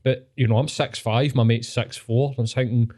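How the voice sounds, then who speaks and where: A Scottish man hosting a podcast, telling sweary, animated stories in casual chat. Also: medium pitch, normal speed. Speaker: podcast host.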